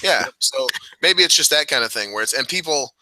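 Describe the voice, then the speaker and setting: A man's voice: medium pitch, expressive, a little fast, pushed and bright, no room sound, low-quality recording. A man from Illinois co-hosting a wrestling podcast in loose, profane casual chat, laughing often. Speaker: podcast co-host.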